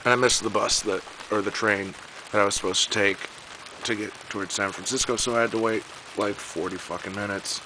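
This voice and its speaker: A man's voice: fairly low pitch, steady tone, fairly quick, background noise. A young man telling a story in a casual, profane, exasperated rant.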